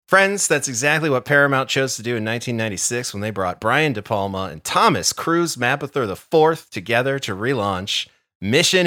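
A man co-hosting a podcast debate, pitching his pick with an energetic, theatrical build-up. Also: no echo, studio quality. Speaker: podcast co-host. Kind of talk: debate pitch, casual chat.

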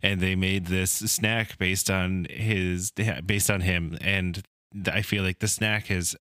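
A man with a low, bright voice chatting loosely on a comedy podcast. He rambles and hedges as he explains things, and the sound is dry and close to the mic. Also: flat delivery, takes it slowly, clear, resonant tone, dry recording. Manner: rambling, hedging with "like". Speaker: podcast co-host. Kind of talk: casual comedic chat.

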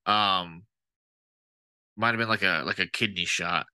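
Male podcast co-host, low-ish bright tone, dry close sound, loose profane movie talk. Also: unhurried, smooth, no room sound. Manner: profane, animated, rambling with fillers. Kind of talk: casual movie-review chat.

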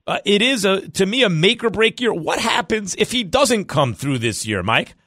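Guy on sports radio, voice jumps all over, kinda high, dry sound. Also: dry recording. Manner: animated, jokey, rapid swings in pitch.

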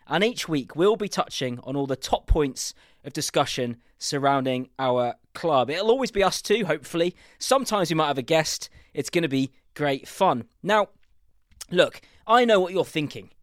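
A man in his thirties from England, with a southern English accent, opens his podcast with a scripted intro as host. His slightly high voice is upbeat, brisk and animated with a defiant edge. The recording is close and dry, with no room sound.

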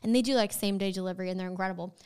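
A woman's voice: medium pitch, racing, smooth. A woman in her thirties co-hosting a casual chat, telling stories with lots of "like". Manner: animated storyteller, says "like" often.

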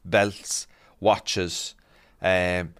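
A man, a podcast guest, telling stories in animated casual chat. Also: low voice, very slow, clear, resonant tone. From Ireland. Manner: animated storytelling.

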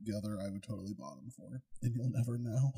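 A man's voice: fairly low pitch, steady tone, fast talker, creaky, dark tone, breathy edge. A man co-hosting a podcast, chatting casually and laughing often. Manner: laughs often, playful banter. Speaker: podcast co-host. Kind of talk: casual chat.

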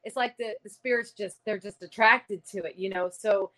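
A woman telling a ghost encounter in an interview, halting and repeating words, laughing between lines. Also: medium pitch, steady tone, a bit bright. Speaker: paranormal investigator guest. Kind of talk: casual storytelling interview.

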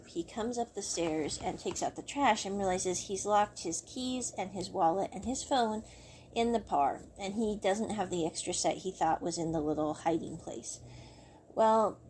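A woman recaps a drama in a chatty, rambling way and is amused by the story. Her voice is mellow and soft, and a faint hum of noise sits behind it. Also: medium pitch. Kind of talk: casual plot recap.

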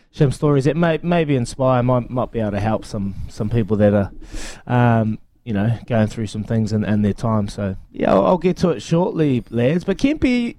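Mellow-voiced New radio co-host. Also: male voice, mid-range voice, no echo. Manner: earnest, rambling, many restarts. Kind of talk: casual radio chat.

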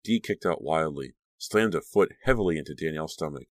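A man narrating an audiobook with a dramatic, expressive reading. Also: rumbling low, fairly quick, dry recording, clean studio sound.

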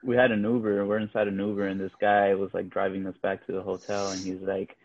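A man's voice: sits low, flat delivery, fast talker, no echo. A man co-hosting a casual podcast, laid-back, sometimes mimicking people in a joking voice. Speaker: podcast co-host. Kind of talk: casual chat. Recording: dull, slightly lo-fi sound.

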